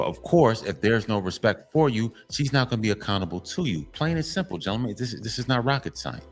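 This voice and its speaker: A man delivers a blunt, lecturing monologue to men, hammering the same points again and again and swearing freely. His voice sits at an ordinary middle pitch. Faint music plays softly behind him. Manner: emphatic and repetitive, lecturing; profane, blunt. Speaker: commentary channel host.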